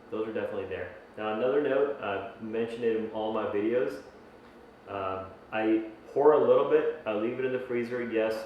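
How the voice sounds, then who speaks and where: A man's voice: fairly low pitch, darkish tone, slight background noise. Rambling man reviewing whisky in an echoey room. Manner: rambling, thinking aloud with many restarts. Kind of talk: casual tasting review. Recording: very echoey room, mic at a distance.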